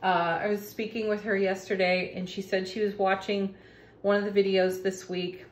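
A woman's voice: medium pitch, level tone. A woman reading tarot cards in a casual, gushing way, laughing often. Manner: slow, warm-hearted, laughs often, gushing about the cards. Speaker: tarot reader. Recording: echoey room.

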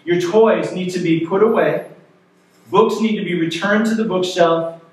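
A man's voice: high voice, unhurried. A man voicing a mother giving firm, matter-of-fact instructions to her children. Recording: echoey sanctuary, mic far off.

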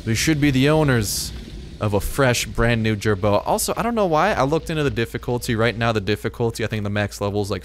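A gaming video host talks excitedly over his own play in a voice of middling pitch for a man. He is chatty and loose, often starting a phrase twice before finishing it. The sound is a plain desktop microphone at home. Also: slight background noise. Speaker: gaming YouTuber. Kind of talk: excited let's-play commentary.

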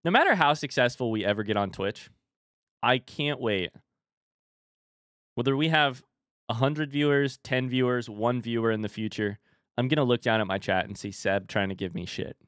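A man's voice: mid-range voice, normal speed, a bit bright, dry recording, clean studio sound. Chatty young man streaming a game. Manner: chatty, talks to chat, swears casually. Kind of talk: casual live-stream gaming commentary.

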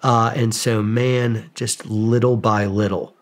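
A man, a podcast guest, telling casual stories about himself in a lively, self-mocking way, acting out bits of dialogue. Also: fairly low pitch, slow pace. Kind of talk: casual storytelling. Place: podcast studio.

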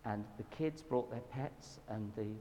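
A man with a Southern English accent speaks at a church gathering, recounting mission stories in a lively, self-deprecating manner. His voice sits in a mid range. It rings with a long hall reverb over faint background noise. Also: medium pitch, unhurried. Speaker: guest speaker at a church event. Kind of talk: storytelling sermon talk.

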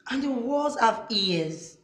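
An actress playing a chatty, teasing coworker who loves gossip, in a Nigerian accent. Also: female voice, fairly high pitch, animated, slow pace, a bit bright, echoey room. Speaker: office gossip.

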